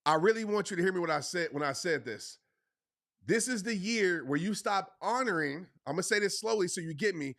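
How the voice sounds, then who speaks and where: On a motivational livestream, a high-voiced man speaks briskly and animatedly with a fairly bright tone. He pushes his message passionately, repeats phrases for emphasis, and talks to "y'all" in casual slang.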